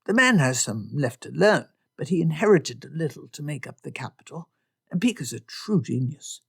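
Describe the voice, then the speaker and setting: A woman's voice: deep voice, big pitch swings, normal speed, vocal fry, husky, full character voice. A woman doing a clipped, jovial merchant uncle. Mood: hearty. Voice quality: clipped delivery. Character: clipped, jovial middle-aged male merchant.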